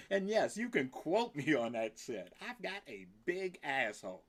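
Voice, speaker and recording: A man's voice: very animated, measured pace, husky. A man hosting a rambling casual livestream, swearing freely and laughing between lines. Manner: swings into high squeaky voice for quoted exclamations. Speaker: livestream host.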